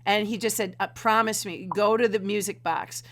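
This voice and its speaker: A woman's voice: medium pitch, fairly even intonation, normal speed. A woman hosting a casual livestream from home, chatty and fumbling with her setup. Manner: chatty, giggly, fumbling with tech. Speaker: livestream host.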